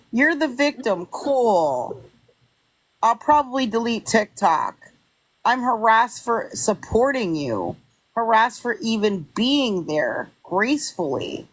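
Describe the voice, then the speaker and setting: A woman's voice: a little high, no echo, low-quality recording. A woman, a content creator, retelling an online argument and reading the messages aloud in an exasperated, incredulous way.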